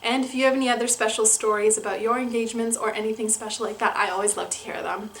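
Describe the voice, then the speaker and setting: A woman's voice: fairly high pitch, steady tone, fast talker, a bit bright, slight background noise. A young woman vlogger gushing through a personal story in casual chat, laughing often. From Canada.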